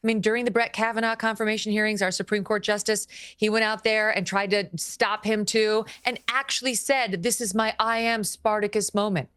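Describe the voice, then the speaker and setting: A woman podcast host giving sharp, sarcastic political opinions with emphatic delivery. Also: medium pitch, fairly even intonation, fairly quick, few pauses, clean tone, no echo, studio quality.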